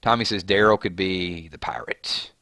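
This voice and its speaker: A man's voice: deep voice, moderate pace, no room sound. Chatty man hosting a dry live stream. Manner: chatty, reads out viewer comments; animated, voice jumps up on names and questions. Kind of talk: casual live-stream commentary.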